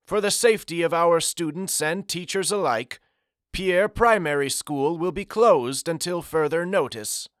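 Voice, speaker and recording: A man's voice: on the high side, unhurried, dry recording, clean studio sound, voice pushed up, natural voice. A man voicing a stern elderly male school board member with an airy voice and a commanding, formal manner. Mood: formal, grave.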